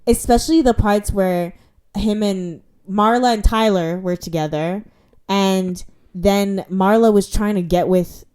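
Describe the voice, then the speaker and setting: A young adult woman co-hosting a podcast in casual chat, animated and acting out her own reactions, with lots of "like". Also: mid-range voice, unhurried, clear, resonant tone. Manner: heavy use of "like". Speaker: podcast co-host.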